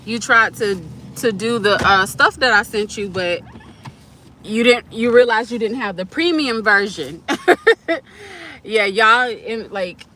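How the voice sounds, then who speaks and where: A woman chats casually on a live stream, answering comments as they come in. Her voice is bright and clear. She is in a parked car, with faint traffic noise outside. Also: mid-range voice, a little slow. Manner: chatty, reads and answers comments. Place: parked car at a curbside pickup.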